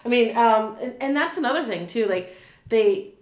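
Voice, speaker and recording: A woman's voice: fairly high pitch, lively intonation, moderate pace, roomy sound. A woman in her thirties chatting casually as an interview guest, full of fillers, restarts and little laughs. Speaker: animal communicator guest.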